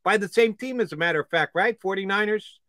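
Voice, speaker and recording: A man hosting sports radio with a bright, forceful tone and a somewhat high voice for a man. He talks in a wry, animated way and keeps throwing in jokey asides. The sound is close and dry. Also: fast talker, dry recording. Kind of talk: casual sports talk.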